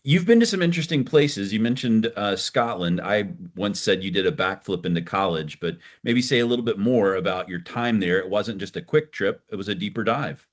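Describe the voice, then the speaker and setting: A middle-aged man co-hosting a podcast, speaking in a warm, reflective way and prompting his son with questions. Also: on the low side, animated, fairly quick, few pauses. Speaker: podcast co-host, father. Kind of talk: casual conversation.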